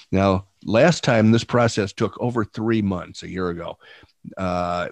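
A man hosting a casual podcast, his voice husky from a cold, rambling and wry with many fillers. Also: fairly low pitch, a little mellow, no room sound. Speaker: podcast host.

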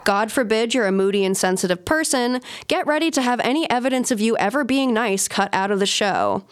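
A woman's voice: a little high, animated, a little fast, smooth. A woman hosting a casual podcast, telling a story in a conversational way with asides. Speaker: podcast host.

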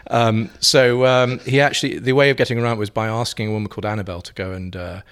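An English painter telling playful, theatrical anecdotes in a relaxed interview chat, often breaking into giggles. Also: male voice, lowish voice, fast talker, few pauses, smooth. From England. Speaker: guest, painter.

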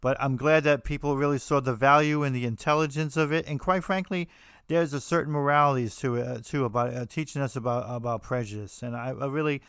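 A man's voice: medium pitch, a little fast, fairly bright tone, clean tone, dry recording, studio quality. An American man hosting a podcast, talking casually in a rambling way with frequent restarts and fillers. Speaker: podcast host. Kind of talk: casual monologue on horror films.

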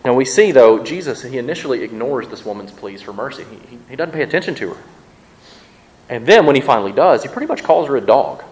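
Animated male pastor preaching conversationally. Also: mid-range voice, rough recording. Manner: conversational preaching with quick word repeats. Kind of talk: sermon. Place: church sanctuary with a congregation.

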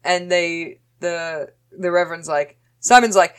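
A woman with a notably low voice talks through a TV episode with a friend. She is playful, keeps slipping into quick little character voices and laughs easily. The talk is relaxed and conversational. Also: clean tone. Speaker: podcast co-host. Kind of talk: casual chat recapping a TV episode.

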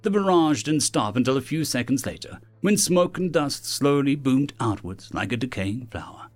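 A man's voice: moderate pace, soft background music. A man narrating a fantasy web novel as an audiobook, lifting his voice for the characters' lines. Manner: lively, raises pitch for character lines.

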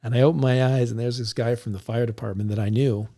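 A man, a police officer, recounting a story in a relaxed conversational way, laughing now and then as he talks. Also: mid-range voice, quick pace. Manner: animated, laughs while recounting.

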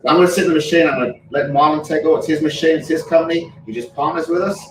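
An English-accented man, a physical therapist, explaining things briskly with a few analogies. He sounds off-mic in an echoey room with faint ambience behind him. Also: fairly high pitch, recorded from a distance, background noise. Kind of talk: explaining on live radio.

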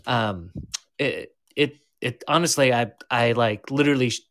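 A man on a podcast team, describing an experience in an earnest, halting way with many restarts. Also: medium pitch, fairly bright tone. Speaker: team member, paranormal investigator. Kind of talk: casual chat.

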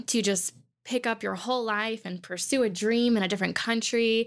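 A woman's voice: fairly high pitch, normal speed. A woman hosting an interview, bubbly and full of fillers like "um" and "like". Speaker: host. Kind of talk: casual interview chat.

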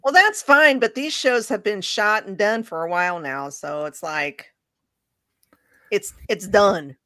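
A woman co-hosting a live fan talk show, chatting offhandedly and thinking out loud. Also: mid-range voice, measured pace, no echo. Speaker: podcast co-host. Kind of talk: casual live chat.

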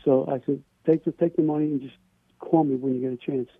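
A man calls in to a radio show and tells his story earnestly, stumbling and repeating words as he goes. His voice is gravelly and a little husky, and the sound is thin and tinny like a phone line. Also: mid-range voice, fairly even intonation, fast, dry recording. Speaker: caller. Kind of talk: telling a personal story.

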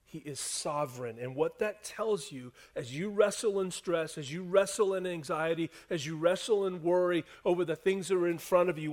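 A man preaching a sermon to a congregation, dropping to hushed lines and rising to loud, emphatic ones. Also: high-pitched. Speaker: pastor. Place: church hall before a congregation.

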